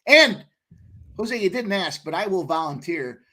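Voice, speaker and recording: Male co-host, higher voice, brash, cursing, hyped betting talk. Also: lively intonation, measured pace, sharp tone. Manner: brash, profane, hyped and boastful. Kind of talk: casual sports betting chat.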